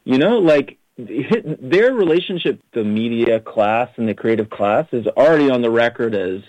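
A man talks in a dry, close-miked way, animated and critical, with frequent restarts. The sound is dull and lo-fi, like a radio broadcast, and his pitch sits in the middle range. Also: moderate pace, no echo. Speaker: interview guest. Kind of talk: casual interview answers.

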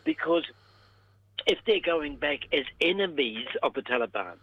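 An older man, a professor emeritus, explaining a topic to a radio host in a measured way with pauses, heard over the phone. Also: a little high, lively intonation, no echo. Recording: tinny phone line.

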